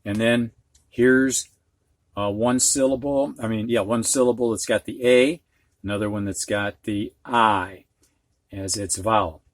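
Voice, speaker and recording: A man teaching reading at a slow, unhurried pace, patiently sounding out long words syllable by syllable. His voice sits at an ordinary pitch and is recorded dry and close, with no room echo. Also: steady tone. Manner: slow, patient, spells out syllables and gives example sentences.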